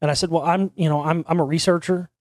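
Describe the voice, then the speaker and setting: Man, talk show host, rambling casual storytelling, slightly high voice, dry close sound. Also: steady tone, quick pace, darkish tone, dry recording. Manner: rambling, repeats and restarts, swears casually. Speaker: podcast host.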